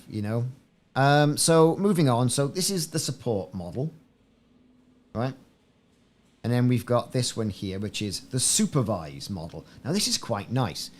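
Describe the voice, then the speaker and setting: A game streamer chats casually with viewers during live gameplay, his voice fairly low with lively intonation and a measured pace. He muses aloud, rambling and often repeating himself.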